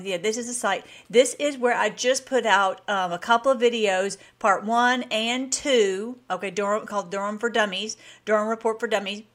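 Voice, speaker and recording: A woman's voice: mid-range voice, a bit bright. A woman hosting a casual commentary vlog. She talks enthusiastically and rambles, with frequent restarts. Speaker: host.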